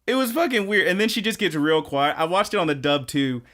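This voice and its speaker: A man co-hosts a podcast in easy, casual chat. He recaps scenes with animated energy, acting out the characters' lines and laughing often. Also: sits high, brisk. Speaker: podcast co-host.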